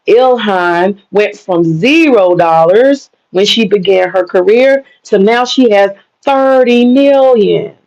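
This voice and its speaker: Gravelly-voiced woman ranting with heavy swearing. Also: mid-range voice, darkish tone. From United States. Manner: blunt, heated, heavy swearing. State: angry. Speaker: vlogger. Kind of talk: profane ranting monologue. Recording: dull lo-fi recording.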